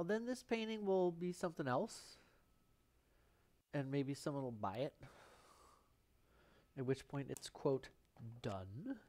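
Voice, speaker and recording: A man's voice: a little high, darkish tone. A man hosting a live painting stream, thinking aloud in rambling, self-mocking asides as he works. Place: painting studio.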